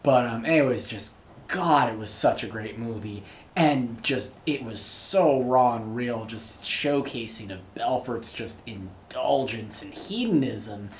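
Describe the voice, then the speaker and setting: A man's voice: medium pitch, lively intonation, measured pace, a little hiss or hum. A young man hosting his own show, rambling through a casual monologue full of fillers. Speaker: show host. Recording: roomy echo, faint ambience.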